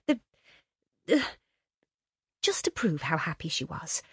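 A woman narrating a classic short story in an expressive, lilting way. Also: low-pitched, slow pace, husky, no echo, studio quality. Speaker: audiobook narrator. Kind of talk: scripted narration.

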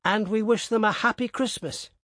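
An anxious, sharp-tongued old peasant woman from an audiobook story, spoken high and pleading, as a male narrator puts her on. The voice sounds close and dry. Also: normal speed, dry recording. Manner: raised pitch, pleading and tearful.

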